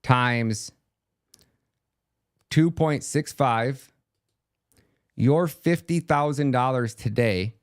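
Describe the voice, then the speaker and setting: A man talking through a podcast monologue in an easygoing, rambling way. He sits at a mid pitch and leans on fillers and asides, and he slips into quick quoted dialogue when he tells a story. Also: smooth. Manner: chatty, loose, acts out quoted dialogue, many fillers. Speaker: podcast host. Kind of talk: casual monologue.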